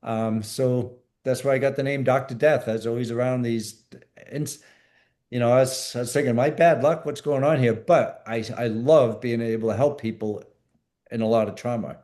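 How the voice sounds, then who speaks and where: Male guest, ex-military medic, warm mellow tone, plain-spoken storyteller who repeats himself. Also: medium pitch, fairly even intonation, moderate pace. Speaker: podcast guest, former Navy SEAL medic. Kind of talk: storytelling interview.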